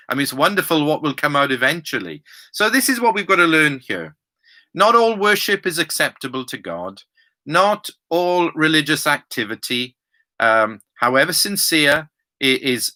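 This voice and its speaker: A man preaching and introducing a Bible reading, stressing phrases slowly with some fillers. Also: fairly high pitch, sharp tone. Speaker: pastor.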